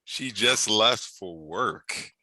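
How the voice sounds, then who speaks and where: Man, event host, upbeat and chatty, bright forceful tone, dry close sound, video call. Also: lowish voice, expressive, very slow, no echo. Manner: upbeat, chatty, many fillers and restarts. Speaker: host of a workshop speaker series. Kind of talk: casual online event hosting.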